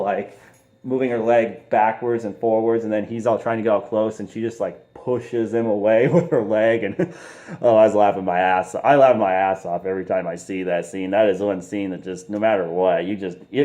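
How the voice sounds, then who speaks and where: A man's voice: fairly low pitch, warm tone. A man casually reviewing a movie, rambling with frequent giggles and mild slang.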